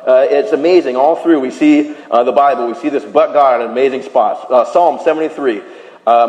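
A man preaching a sermon, retelling a scripture story in animated style and dropping to a hushed voice for quoted lines. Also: medium pitch, a little fast, highs cut off. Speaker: pastor. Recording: echoey hall.

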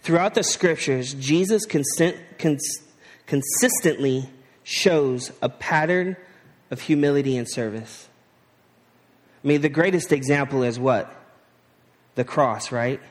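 A man's voice: medium pitch, unhurried, pauses often, in a large hall. A man preaching a sermon in a conversational way, asking the listeners rhetorical questions and slipping into slang. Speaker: pastor.

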